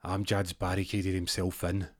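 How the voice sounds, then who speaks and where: A Scottish man telling a rambling comic story with deadpan asides. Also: deep voice, moderate pace, dry recording, clean studio sound.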